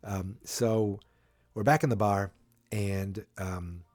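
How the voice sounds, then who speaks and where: A man's voice: fairly low pitch, takes it slowly, darkish tone, dry recording. A man hosting a podcast, casually recapping a TV episode with a rambling manner full of restarts and fillers. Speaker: podcast host.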